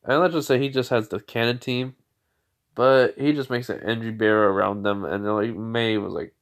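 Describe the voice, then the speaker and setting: A man's voice: on the low side, fairly even intonation, fairly quick. A man casually retelling a fan story in a rambling way, full of filler words.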